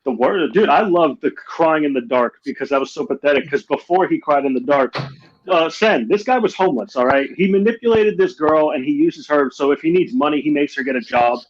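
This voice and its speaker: Brief: husky, slightly high male co-host, animated swearing storyteller, muffled lo-fi mic. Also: brisk. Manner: animated storyteller, heavy swearing, acts out quotes. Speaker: podcast co-host. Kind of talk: casual chat.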